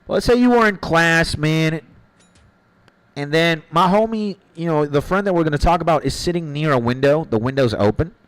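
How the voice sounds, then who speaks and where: This gaming streamer talks at a moderate pace in a slightly high voice, with no room sound and poor audio quality. He rambles casually with his viewers, using slang and addressing chat as "bro" and "my G".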